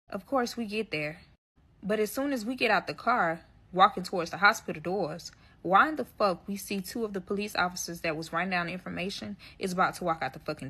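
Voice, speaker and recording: Bright-voiced woman telling a wild story. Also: medium pitch. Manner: profane, emphatic, addresses listeners directly. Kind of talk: casual storytime monologue.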